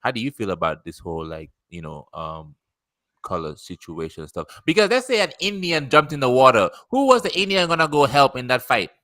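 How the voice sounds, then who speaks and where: Podcast host, man, slangy joker, animated and bright. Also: mid-range voice, fairly quick, dry recording. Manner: joking, laughs a lot, slangy. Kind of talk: casual podcast chat.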